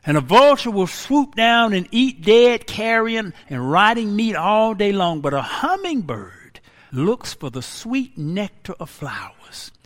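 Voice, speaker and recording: A pastor in his sixties preaching a sermon, dramatic and animated, acting out wailing laments. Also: high voice, a little slow. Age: 60s. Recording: long hall reverb.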